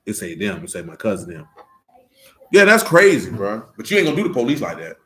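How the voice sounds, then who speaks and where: A man's voice: fairly low pitch, huge pitch swings, fairly quick, sharp tone. A man talking in a casual, preaching way, emphatic and fond of rhetorical questions. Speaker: religious discussion leader. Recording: echoey room.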